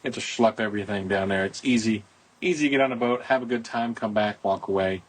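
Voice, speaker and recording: A man's voice: on the low side, fast talker, slightly rough. A middle-aged man hosting a casual podcast, talking outdoors into a phone in a rambling, folksy promotional way. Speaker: podcast host, boat club owner.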